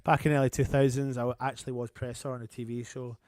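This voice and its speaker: Speaking fast with a flat delivery, this Englishman has a mid-range, slightly mellow voice, recorded dry in clean studio sound. He's a fan channel host on a live match watchalong, blending play-by-play with viewer comments. He chats in a matey way and breaks from the commentary to greet viewers.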